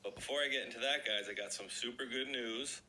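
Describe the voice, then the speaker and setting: A man with a slightly raspy voice hosting an online video, chatting casually and reading an article aloud to his viewers. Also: medium pitch, fast talker, pushed and bright, a little hiss or hum, rough recording. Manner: chatty, addresses viewers as guys.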